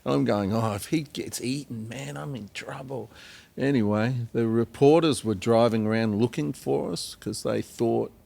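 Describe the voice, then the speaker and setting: Gravelly Australian man telling stories. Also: mid-range voice, moderate pace, a little mellow. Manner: rambling anecdotes with many "um"s and acted-out quotes. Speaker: guest singer-songwriter. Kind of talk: storytelling in a podcast interview.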